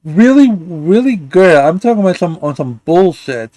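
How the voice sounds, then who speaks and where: A man's voice: high voice, sing-song, normal speed, dark tone, dry recording. A man hosting a live commentary stream, ranting in a profane, insulting way and stumbling over restarts. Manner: angry, insulting, stammers and restarts. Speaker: livestream commentary host.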